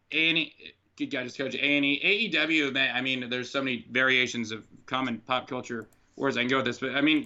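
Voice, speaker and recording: A man rants on a podcast, his voice piercingly bright and swearing freely in exasperation. He sounds like he is on a dull, lo-fi call line. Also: mid-range voice. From United States. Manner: frustrated, profane ranting. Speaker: podcast co-host. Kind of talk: casual podcast chat. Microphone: online call mic.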